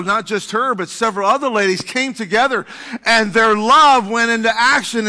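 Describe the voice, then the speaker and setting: A man's voice: sits high, sharp tone, long reverb tail. A male pastor preaching a sermon in a church, talking conversationally with asides to the congregation. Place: church sanctuary.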